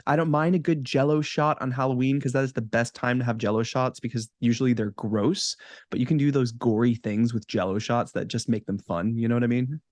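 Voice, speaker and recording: A man's voice: medium pitch, fairly even intonation, brisk, dry recording, clean studio sound. A man co-hosting a podcast in a casual chat, upbeat and chatty, laughing easily. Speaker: podcast co-host.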